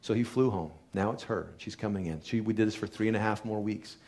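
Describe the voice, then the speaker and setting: A middle-aged man with a somewhat low voice tells a patient's story to a seated audience. He speaks earnestly and with emphasis, letting his voice sink to a near hush before pressing back up. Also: a little fast. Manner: earnest, emphatic storyteller with sudden quiet drops. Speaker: chiropractor giving a talk. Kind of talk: storytelling talk to a live audience.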